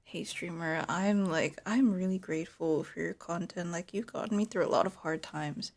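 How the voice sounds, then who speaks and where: A soft, hesitant fan choking up over thanks, as a woman puts on a lower, breathy voice. Each phrase stumbles out quietly and earnestly. The whole delivery stays low and shy. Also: normal speed. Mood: heartfelt. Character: earnest, tearful devoted fan of a streamer.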